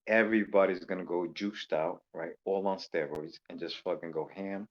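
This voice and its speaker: A man's voice: low voice, steady tone, moderate pace, hardly any pauses, dull audio. A man from Louisiana calling in to a stream, joking and rambling with lots of fillers. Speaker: caller. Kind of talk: casual call-in chat. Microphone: voice call microphone.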